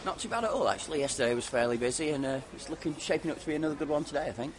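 A man's voice: a little high, expressive, racing, slight background noise. A man selling fudge at a show, answering questions in a laid-back, modest way. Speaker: fudge seller. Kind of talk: casual interview answers.

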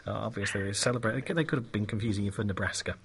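Fast-talking rambling male radio host. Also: fairly low pitch, a bit bright, breathy edge. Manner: rambling, wordy, full of fillers and repeats. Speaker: radio presenter. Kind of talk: casual radio chat.

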